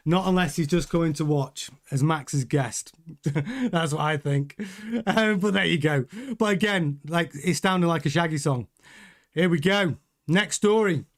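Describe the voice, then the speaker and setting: High-voiced man, rambling news host. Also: a little slow. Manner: rambling, joking, restarts sentences. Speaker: host of a motor racing news show. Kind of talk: casual news commentary with live chat.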